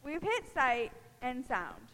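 A woman's voice: sits high, huge pitch swings, slow pace, pushed and bright, in a large hall. A woman co-hosting a church stage skit, dry and skeptical. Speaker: skit co-host.

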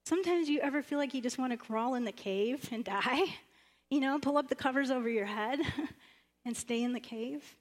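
A woman pastor preaching a sermon in a church, animated, acting out the lines of the stories she retells. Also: brisk. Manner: animated, acts out the prophet's lines with sudden high bursts.

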